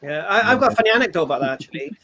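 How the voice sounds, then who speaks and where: A man's voice: sits high, rapid-fire. A man telling stories animatedly in a casual group chat. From England. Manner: animated storyteller, acts out quoted voices. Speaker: panel guest sharing stories.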